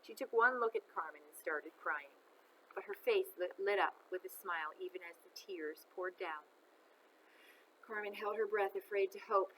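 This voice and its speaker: A woman reading a children's novel aloud, expressive and chatting to listeners between chapters. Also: medium pitch, slight background noise, poor audio.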